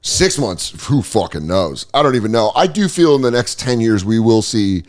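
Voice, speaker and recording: A podcast host in casual chat, an animated storyteller who laughs often and slips into quick impressions. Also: male voice, lowish voice.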